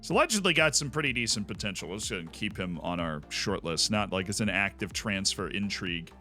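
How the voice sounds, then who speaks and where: A man's voice: deep voice, expressive, brisk, pushed and bright, faint music behind. A man streaming a sports management game, chatting wryly with his viewers. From Tampa, Florida. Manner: wry, chatty, talks to chat. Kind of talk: casual game commentary.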